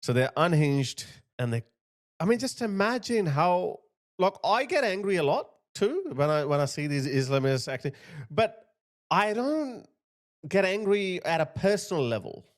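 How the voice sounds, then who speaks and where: A man's voice: sing-song, moderate pace. A man giving mocking reaction commentary on clips, now and then mimicking people he mocks. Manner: scornful, mocking, mimics others in a high voice. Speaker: political commentator.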